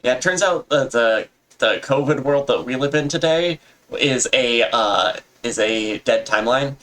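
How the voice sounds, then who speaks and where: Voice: medium pitch, measured pace, a bit bright. A podcast co-host chatting about a game and reading out viewer comments. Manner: easygoing, reads chat aloud. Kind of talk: let's-play podcast chat.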